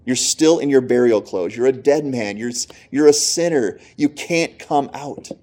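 A man voicing a taunting male devil who accuses a believer in a low, hushed tone. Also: a little slow, close to an everyday voice. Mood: accusing.

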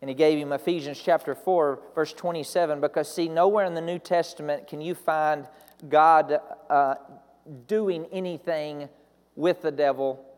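A man's voice: a little high, steady tone, normal speed, a little mellow, clear, resonant tone, in a large hall. A man preaching a sermon, building to emphatic repeated declarations.

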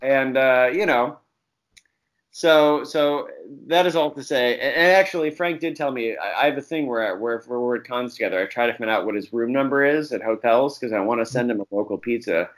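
A man's voice: medium pitch, moderate pace. Guy rambling through a funny story, swears a lot, acts out quotes, laughs, mid voice. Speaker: guest comics writer. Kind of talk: casual storytelling chat.

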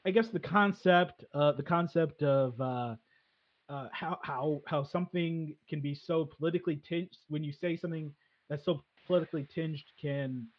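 A fairly high, husky male voice that talks in halting bursts, full of "uh" and restarts, as he hosts a relaxed chat. The recording sounds dull and lo-fi. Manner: hesitant, many fillers and restarts. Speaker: podcast host. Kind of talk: casual chat.

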